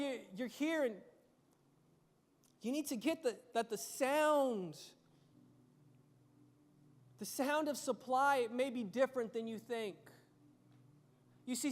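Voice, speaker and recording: A man preaching a sermon as pastor, animated and acting out quoted voices. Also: very high voice, measured pace, long pauses, in a large hall.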